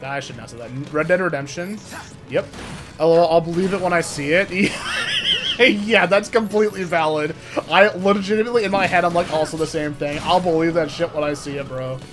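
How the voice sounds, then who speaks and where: A young man with a fairly high voice chats live on a game stream, excitable and swearing, laughing often as he talks to his chat.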